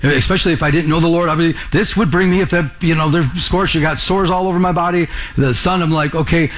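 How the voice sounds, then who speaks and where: A man's voice: a little high, steady tone, fast talker. A man preaching a sermon to a congregation in the room, earnest, pressing them with rhetorical questions. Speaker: pastor.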